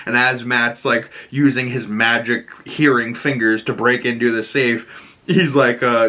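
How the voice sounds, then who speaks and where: A man talks through a TV episode with excited energy. He has a bright, forward tone and keeps breaking into little acted-out lines. The style is loose and casual. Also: mid-range voice, normal speed. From Boston area. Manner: excited, animated, laughs often, acts out lines. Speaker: show breakdown host. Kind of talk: casual commentary.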